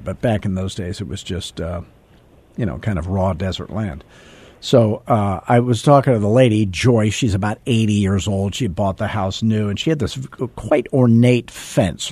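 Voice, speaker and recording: Warm-voiced man in his sixties telling stories. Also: fairly low pitch, husky, no echo. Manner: animated, acts out quoted dialogue; self-deprecating, chuckles often. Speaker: real estate coach. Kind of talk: casual storytelling on a coaching call.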